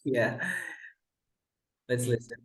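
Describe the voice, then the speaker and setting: A man teaching English pronunciation one-to-one, patiently modeling words slowly and repeating them. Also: mid-range voice, monotone. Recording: echoey room.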